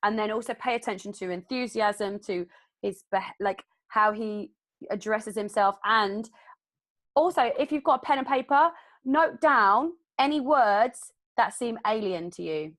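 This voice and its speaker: A woman giving casual tips in an online class, relaxed and rambling. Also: on the high side, a little slow. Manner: relaxed, rambling, many fillers. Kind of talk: casual explanation.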